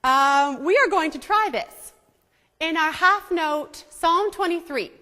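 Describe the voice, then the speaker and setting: High female music teacher, coaxing manner, recorded on a distant mic in a reverberant hall. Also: animated, unhurried, pushed and bright. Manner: teacherly, coaxing, checks in with "okay?" and "right?". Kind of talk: music lesson to an audience. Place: church hall. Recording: echoey hall, imperfect sound.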